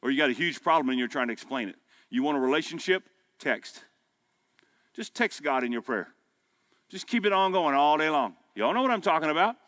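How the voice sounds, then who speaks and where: A man preaching a sermon at a men's breakfast, folksy and emphatic, climbing to loud peaks. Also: on the high side, animated, a little fast. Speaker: pastor. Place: men's breakfast gathering hall.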